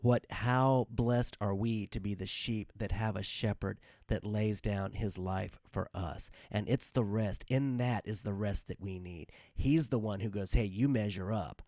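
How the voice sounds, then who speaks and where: A man's voice: on the low side, fairly even intonation, unhurried, hardly any pauses, darkish tone, no room sound, studio quality. A man hosting a devotional talk, speaking earnestly and informally with many fillers and repeated words. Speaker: devotional podcast host.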